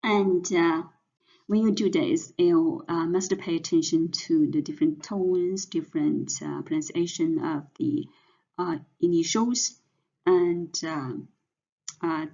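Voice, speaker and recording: A woman teaching pinyin in a slow lesson, saying each syllable several times over. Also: low voice, gravelly, mellow, husky. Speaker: Chinese teacher. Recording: dull lo-fi sound.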